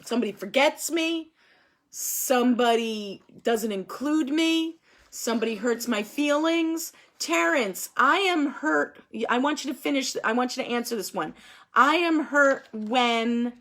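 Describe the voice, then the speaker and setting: High-voiced, upbeat woman leading a group. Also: lively intonation, fairly bright tone. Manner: upbeat, encouraging, quick to laugh. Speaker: group facilitator.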